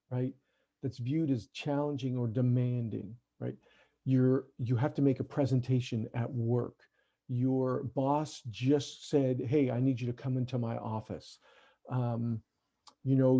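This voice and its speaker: A man's voice: mid-range voice, gravelly, dark tone, slightly rough. A man giving a parenting workshop over a video call, talking conversationally and often checking in with "right?". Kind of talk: online parent workshop talk. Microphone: computer mic on a video call.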